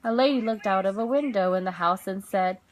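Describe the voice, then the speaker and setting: Mom reading bedtime stories out loud, gentle and expressive, medium pitch. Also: female voice, fairly quick, slight background noise. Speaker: parent reading aloud.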